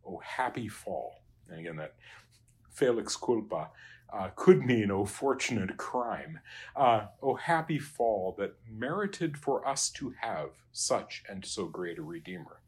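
Slow, husky man teaching Latin. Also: lowish voice, big pitch swings. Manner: halting, many fillers and restarts, trails off quietly. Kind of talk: working through Latin exercises.

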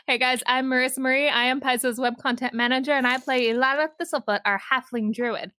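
A woman's voice: high-pitched, fairly even intonation, fast, sharp tone, clean tone, no room sound. A woman introducing herself as a player on a tabletop game stream, cheerful. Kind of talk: casual self-introduction.

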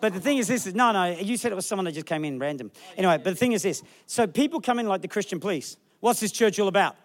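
His voice is high-pitched and racing as this middle-aged pastor preaches. Playful anecdotes fill the sermon, delivered with energy and put-on voices for the people quoted.

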